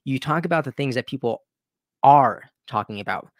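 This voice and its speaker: Speaking animatedly at a moderate pace, a man with a mid-range voice runs his own commentary channel, giving opinionated, conversational political talk and restarting sentences as he goes. The recording is dry, with clean studio sound.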